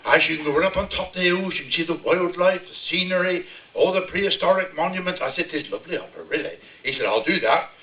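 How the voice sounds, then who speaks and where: An older man with a broad West Country burr spins a comic village yarn, chuckling as he goes. His voice sits high and carries. It comes through an echoey hall from a distant mic, with a dull, muffled sound. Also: quick pace. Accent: West Country English. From Devon, England. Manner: broad rural yarn-spinning, chuckling as he tells it. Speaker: storyteller. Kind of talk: humorous dialect storytelling. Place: village hall, live audience.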